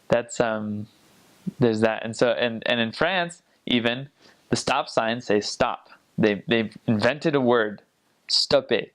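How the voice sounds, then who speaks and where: A young man chatting casually, rambling with many fillers and frequent laughter as he shares tips on a language. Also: mid-range voice. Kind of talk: casual chat.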